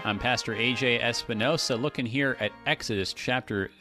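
A man's voice: medium pitch, normal speed, music in the background. A man hosting a radio talk show as a pastor, thinking aloud in casual talk with many restarts and fillers.

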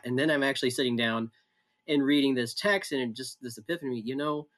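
A man's voice: medium pitch, fast talker, a bit bright. A man in a conversational Bible study, reflective and thinking aloud with frequent restarts. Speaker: pastor.

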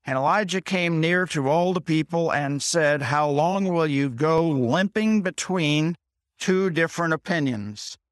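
Man, preacher, slow scripture reading, plain explanations, slightly high voice, dry sound. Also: dry recording. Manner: reads scripture slowly, stops to explain in plain words; repeats points and checks in with "okay?". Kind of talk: Bible reading with commentary.

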